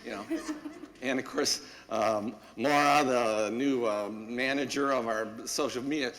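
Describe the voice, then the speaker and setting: Man, parish priest, casual rambling homily, bright voice, long church reverb. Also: mid-range voice, unhurried. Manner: folksy and anecdotal, chuckling, many fillers. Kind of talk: conversational homily.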